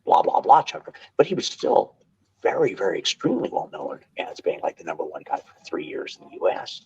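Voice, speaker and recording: An older man telling stories as a podcast guest, animated and quick to restart his sentences, on dull lo-fi audio. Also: sits low, creaky, husky. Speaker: guest, martial arts instructor. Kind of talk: casual storytelling interview.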